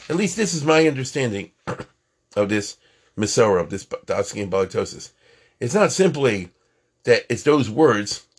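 A man's voice: medium pitch, slightly rough. A man teaching a conversational religious class, chatting, checking in with his listeners and counting items aloud.

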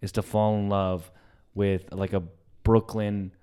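A man co-hosting a comedy podcast, talking in animated, profane rants and joking around. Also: lowish voice, takes it slowly, clear, resonant tone. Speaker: podcast co-host. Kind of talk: casual comedy chat.

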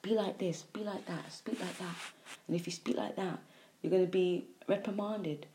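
Low, mellow woman giving a preachy spiritual talk. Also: fairly even intonation, moderate pace, slight background noise. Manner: repetitive, preachy, with sighs and emphatic swings in loudness. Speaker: spiritual speaker. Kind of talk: spiritual monologue.

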